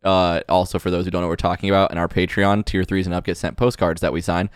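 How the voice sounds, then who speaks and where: A man's voice: sits low, level tone, fast talker, clean tone, dry recording, studio quality. Man in crude, teasing podcast banter. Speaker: podcast co-host. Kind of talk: casual chat.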